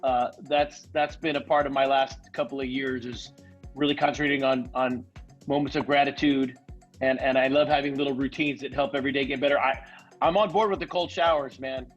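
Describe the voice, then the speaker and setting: A man's voice: medium pitch, steady tone, brisk, faint music behind. A man on a video call, chatting in a friendly, laid-back way. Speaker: guest. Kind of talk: casual chat on a video call. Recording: dull video call audio.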